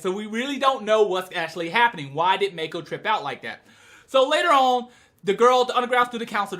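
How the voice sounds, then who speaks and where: A young woman giving a casual, slangy video review, animated and quick to break into shouts as she retells scenes. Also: a little high. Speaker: manga reviewer.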